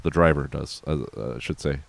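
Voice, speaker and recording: A man's voice: very deep voice, a little fast, gravelly. A man casually recapping a movie in a loose, rambling and profane way, full of fillers and asides. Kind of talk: casual film recap chat.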